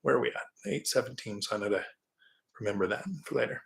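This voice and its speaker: Middle-aged male live-stream host, deeper voice, casual and rambling, reads viewer comments out loud. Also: fast talker, creaky. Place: quiet indoor spot.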